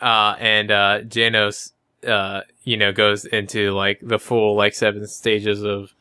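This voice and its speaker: A man's voice: on the low side, little pitch movement, slow, sharp tone, clean tone, no room sound, clean studio sound. A man co-hosting a casual book discussion podcast, recapping chapters in a rambling way with many fillers. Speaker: podcast co-host.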